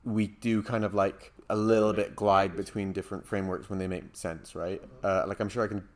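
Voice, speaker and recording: Low-voiced man musing on ethics. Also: little pitch movement, fairly quick. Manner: thoughtful, hedging, frequent "like" and "um". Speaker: podcast co-host. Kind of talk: casual philosophical discussion.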